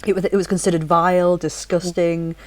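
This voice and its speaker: A woman in her thirties with a softened northern English accent, hosting a casual podcast chat in an animated, swearing, restart-filled way. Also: fairly low pitch, fairly quick. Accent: softened northern English, near-neutral British. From northern England. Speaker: podcast host.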